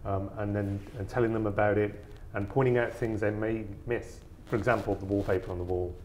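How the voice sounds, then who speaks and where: A man's voice: lowish voice, steady tone, brisk, a little mellow, slight background noise. A man from the English Midlands with a faint Birmingham accent, a dealer chatting as a guest in his gallery, hesitant with many ums and a dry wit. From English Midlands, south Birmingham. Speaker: arms and armour dealer, guest. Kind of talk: casual interview chat. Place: his gallery exhibition in New York.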